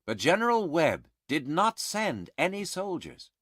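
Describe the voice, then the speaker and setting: A man reading a storybook aloud in a slow, clear and expressive narration. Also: fairly high pitch, no echo, studio quality. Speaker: audiobook reader.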